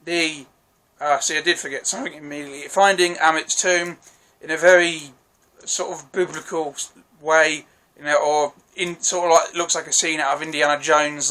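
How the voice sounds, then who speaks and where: Eager rambling man with a bright voice. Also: on the high side. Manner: enthusiastic, rambling, swears freely; self-correcting, apologetic asides. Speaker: TV episode reviewer. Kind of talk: casual solo review vlog.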